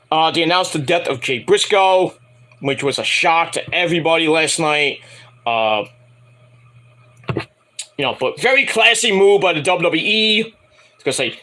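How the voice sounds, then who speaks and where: A man reviewing a wrestling show in a casual, rambling rant, swearing freely and mocking people in quick put-on voices. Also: on the high side, expressive, pushed and bright.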